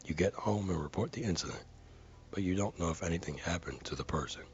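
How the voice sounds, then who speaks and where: A man's voice: sits low, fast talker, dull audio. A man earnestly reading a viewer comment aloud, carefully and with dramatic stresses.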